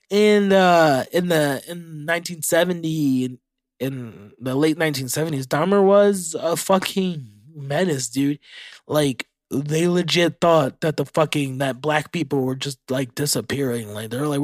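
A young man hosts a casual solo podcast, reading facts out and reacting to them with frequent profanity. His voice sits a little high for a man. The sound is dry and close, with no room around it. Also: normal speed, no echo. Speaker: podcast host.

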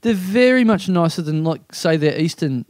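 A man hosting a podcast, telling a rambling, animated story in casual chat with guests. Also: a little high, normal speed, dry recording, studio quality. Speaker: podcast host and comedy night MC. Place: indoor room with co-hosts.

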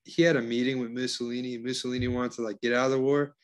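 A man's voice: mid-range voice, flat delivery, fast. Profane, easygoing man telling stories. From Florida, USA. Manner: profane, storytelling, says dude a lot. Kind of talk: casual crude banter.

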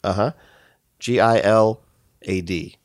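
A man's voice: on the low side, slow pace, no room sound, clean studio sound. A man telling a profane comic story in a loose, crude, casual way. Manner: loose, crude, swearing, animated.

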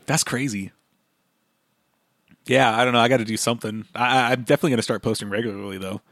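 Podcast guy rambling, all excited, kinda sarcastic, dry close mic. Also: mid-range voice, fast talker, no echo. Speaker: podcast co-host. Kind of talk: casual chat.

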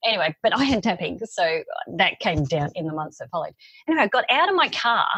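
A middle-aged woman with a slightly lower, breathy voice, spinning animated anecdotes as a podcast guest. She throws herself into quoted lines. The sound is close and dry. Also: fast, no room sound. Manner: animated storyteller, lively acted-out quotes. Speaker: psychologist guest. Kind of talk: casual podcast interview.

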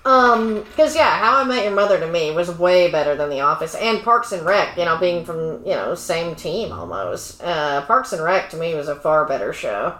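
A woman's voice: on the low side, expressive, normal speed, few pauses, fairly bright tone. A woman co-hosting a podcast in casual chat, blunt and opinionated, with many fillers. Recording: echoey room.

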